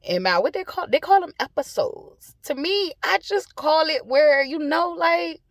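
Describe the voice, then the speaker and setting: Vlogger, woman, blunt and profane, high voice, casual car rant, often laughing. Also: lively intonation, a little slow, no echo. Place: parked car.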